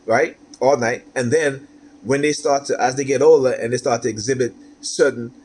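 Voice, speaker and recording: Husky aggrieved man venting. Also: mid-range voice, moderate pace, darkish tone. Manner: aggrieved, repetitive, rhetorical "right?" asides. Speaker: vlogger. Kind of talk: personal monologue.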